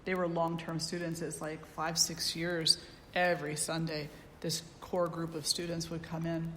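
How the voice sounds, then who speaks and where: A woman's voice: low voice, moderate pace, a little hiss or hum. Woman telling stories in an echoing hall. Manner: lively storyteller who acts out the people she quotes. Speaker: spiritual teacher. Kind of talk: satsang talk with storytelling. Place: yoga ashram hall. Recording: roomy hall with long echo.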